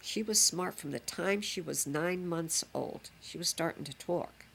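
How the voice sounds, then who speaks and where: A woman's voice: fairly low pitch, unhurried, vocal fry, a bit bright, slight background noise. An older woman, a grandmother reminiscing fondly in a chatty, rambling way. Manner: chatty, fond, rambling with fillers. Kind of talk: reminiscing home recording.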